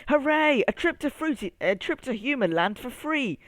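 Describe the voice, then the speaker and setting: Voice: high-pitched, moderate pace, dry recording, pitched above the performer's own voice. A storyteller voicing a polite, cheery male pineapple in a children's story. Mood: thrilled. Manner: polite, excited.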